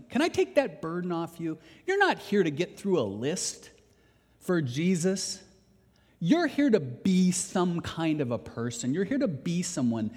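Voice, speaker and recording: A man's voice: on the high side, a little mellow, breathy edge. A man preaching a sermon as a pastor, telling a personal story in an earnest, emphatic way. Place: church sanctuary. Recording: reverberant church hall.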